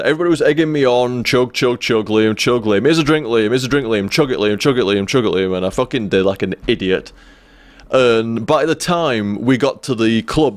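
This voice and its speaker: Young male streamer, casual rambling storyteller, mid-pitched voice, dry close sound. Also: dry recording. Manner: rambling, profane, restarts often.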